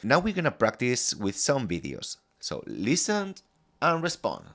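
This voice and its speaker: A man teaching a scripted Spanish lesson, modelling phrases clearly and deliberately for learners to repeat. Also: mid-range voice, huge pitch swings, fairly bright tone.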